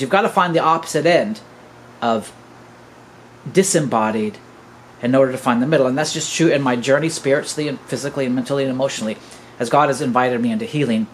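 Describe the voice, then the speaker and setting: A man's voice: mid-range voice, a little hiss or hum, poor audio. A man in his fifties, a podcast host, gives an earnest, preachy teaching monologue and keeps calling his listeners "guys". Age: 50s.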